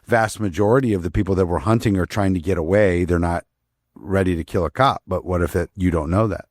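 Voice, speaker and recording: A deep-voiced man co-hosts a casual podcast, speaking in a reflective way and reaching for comparisons. His voice is low and dry, close on the mic. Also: fairly quick, no echo. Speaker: podcast co-host. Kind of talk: casual chat.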